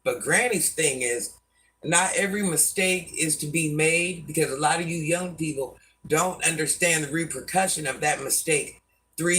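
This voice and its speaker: Around sixty, a woman with a deep, slightly bright voice hosts a live stream, giving viewers folksy life advice at normal speed. She calls them baby and hun and refers to herself as Granny, recorded from a distance.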